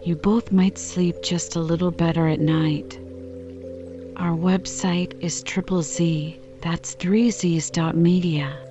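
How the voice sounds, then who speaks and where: Slow, soothing low-voiced woman reader. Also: highs cut off, over music. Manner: calm, soothing, unhurried. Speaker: audiobook reader. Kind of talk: slow bedtime story reading.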